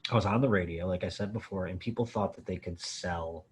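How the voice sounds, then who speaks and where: A comedian from Buffalo, New York, guesting at a Q&A, who tells a story in a casual, animated way, swearing often and saying "like" a lot. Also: male voice, deep voice, fairly quick, husky.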